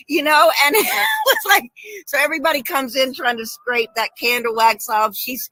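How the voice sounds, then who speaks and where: A woman guest shares stories with animated energy and frequent laughter. Her voice is bright and forceful, and it sounds dry and close with no room around it. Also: high-pitched, normal speed, no room sound, rough recording. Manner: animated storyteller, laughs often. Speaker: guest actress. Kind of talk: casual storytelling chat.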